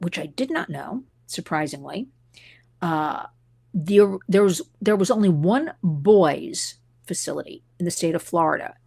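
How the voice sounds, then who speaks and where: A middle-aged woman hosts a live talk for her followers, her voice sitting a little low. She speaks with passion and often drifts into side stories. The sound is dry, with no room echo. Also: vocal fry, a little mellow. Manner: passionate, digressive storytelling. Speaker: host and advocate. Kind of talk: live-stream talk to viewers.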